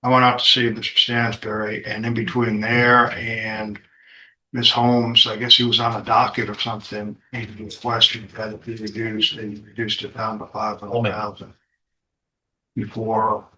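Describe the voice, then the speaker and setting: A man defending a client in court, questioning him in a halting way and repeating himself. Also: lowish voice, monotone, bright, forceful tone, slight background noise, low-quality recording. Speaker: defense attorney.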